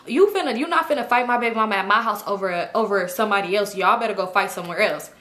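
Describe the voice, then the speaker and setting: A woman's voice: medium pitch, fast talker, fairly bright tone, natural voice. A woman quoting an annoyed young man in her story, incredulous and mocking. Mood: dismissive.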